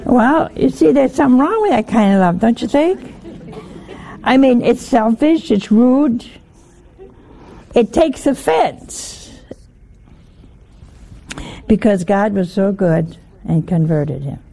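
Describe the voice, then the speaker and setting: A woman preaches a conversational sermon at a slow, unhurried pace. Her voice is dark and mellow with a gravelly fry, and she keeps asking the listeners questions and telling homely stories with a chuckle. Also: on the high side, expressive. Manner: tells homely anecdotes with a chuckle.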